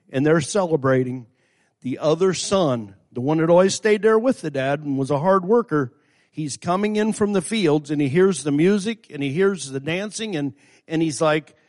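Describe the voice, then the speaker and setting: A middle-aged man preaching a sermon. He retells a story in a folksy way, repeats himself, and rises to fervent emphasis. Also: fairly high pitch. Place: church sanctuary. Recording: long hall reverb.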